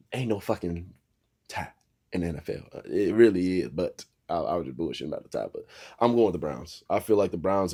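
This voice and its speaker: A young man hosting a casual sports talk show, giving football picks in a profane, animated, trash-talking way. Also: low-pitched, slightly rough.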